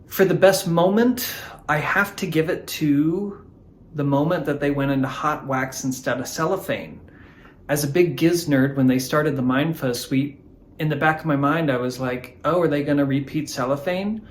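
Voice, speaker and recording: A man guest on a music review chat, talking in a rambling way with hesitant pauses. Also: on the high side, a little hiss or hum. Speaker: guest fan.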